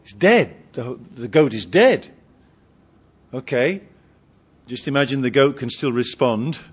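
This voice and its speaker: A man's voice: mid-range voice, expressive, unhurried, breathy edge. A man preaching a sermon with humour, asking his congregation questions, on a dull lo-fi recording. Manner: humorous, asks the congregation questions.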